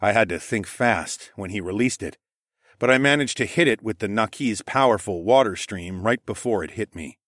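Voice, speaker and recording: A man narrating a fantasy story in the first person with dramatic, expressive reading. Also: lowish voice, normal speed, dry recording, studio quality.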